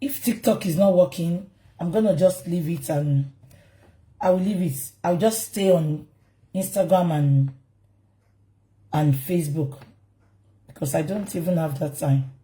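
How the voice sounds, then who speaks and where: A woman's voice: fairly low pitch, unhurried, pauses often, warm tone. A woman with a Nigerian accent hosting a live gossip stream, indignant and repeating questions to her viewers. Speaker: livestream host. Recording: roomy echo.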